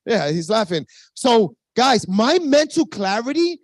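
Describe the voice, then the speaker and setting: A man in his fifties with a Spanish-accented English, giving an energetic sales pitch to a team on a video call, hyped and full of asides to the audience. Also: slow, no room sound. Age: 50s. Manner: hyped, talks straight to the audience, many asides. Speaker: network marketing presenter.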